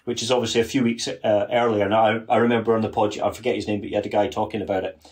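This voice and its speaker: A man's voice: lowish voice, flat delivery, very fast, a little mellow. A man guesting on a history podcast, earnest and detailed, often restarting his sentences as he explains. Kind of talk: casual history podcast chat.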